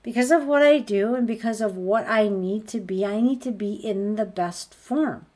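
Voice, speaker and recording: A woman's voice: medium pitch, moderate pace, warm tone. A woman, a spiritual healer, giving an earnest motivational talk, stacking rhetorical questions as she promotes her course.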